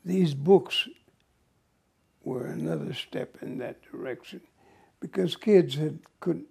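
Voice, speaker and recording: An older American man, an actor, telling stories from his career in an interview with a slow, halting, husky delivery. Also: a little high, mellow. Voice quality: gravelly, husky. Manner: slow, halting, breathy at times. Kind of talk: reflective storytelling.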